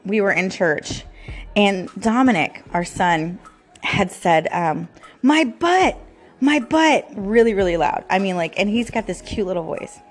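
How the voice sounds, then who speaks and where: A woman in her thirties hosting a casual devotional talk show, chatty, laughing often and full of fillers. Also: mid-range voice. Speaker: podcast host.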